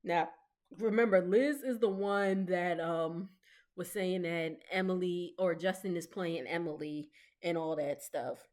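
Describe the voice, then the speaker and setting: A woman's voice: on the low side, steady tone, unhurried, a little mellow. A woman in her thirties chatting casually as she recaps a reality show, gossiping, laughing often and mimicking the people she talks about. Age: 30s. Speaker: recap vlogger.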